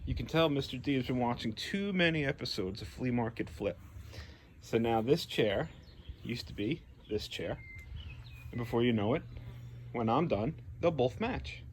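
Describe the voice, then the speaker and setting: A man in the middle of the male pitch range, teaching young children a remote reading lesson. He talks slowly and clearly and sounds out letters one at a time. He poses playful either-or questions to keep small kids following along. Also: lively intonation, slight background noise. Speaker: first grade teacher. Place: at home.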